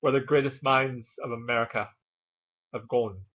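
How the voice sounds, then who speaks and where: A man voicing a proud upper-class Boston man with a Boston Brahmin accent and drawn-out, English-sounding speech. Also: mid-range voice, fairly even intonation, natural voice. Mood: lofty. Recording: tinny phone-like audio.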